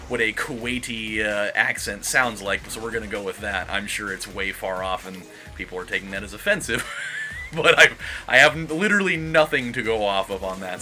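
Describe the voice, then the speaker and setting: A man casually rambling as he comments on a racing game, excitable during close moments. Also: lowish voice. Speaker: let's play host. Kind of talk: gameplay commentary.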